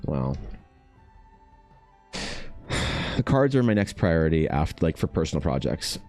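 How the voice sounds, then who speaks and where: Man, deep mellow voice, lively swooping delivery, casual streamer chat, cursing, faint music behind. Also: a little slow. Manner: chatty, swears freely, self-deprecating, reacts to chat. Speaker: artist streaming while drawing.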